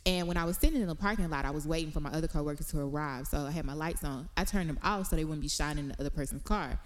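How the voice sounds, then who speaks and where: Low-voiced young woman telling a story. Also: rapid-fire. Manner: sarcastic, matter-of-fact storytelling with laughs. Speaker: podcast co-host. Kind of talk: casual chat.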